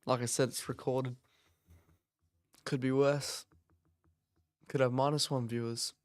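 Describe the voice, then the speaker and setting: A man talks through a match in a loose, rambling way, with sudden excited bursts. His voice is smooth and resonant. The sound is close and dry, with no room echo. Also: medium pitch, unhurried. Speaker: watch-along host. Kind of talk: casual live match commentary. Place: office.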